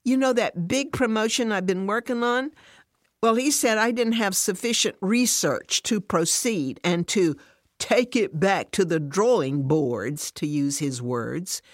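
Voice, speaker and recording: A woman's voice: mid-range voice, expressive, a little slow, no echo, voice pushed up, close to an everyday voice. A woman voicing a defensive working mother who is easily upset and close to tears. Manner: indignant, near tears.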